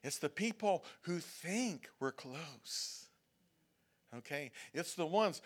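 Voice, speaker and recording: In a church sanctuary, a male pastor preaches a sermon in a conversational way, often checking in with "okay?" and acting out prayers and whining voices. His voice is on the high side, animated, and slow.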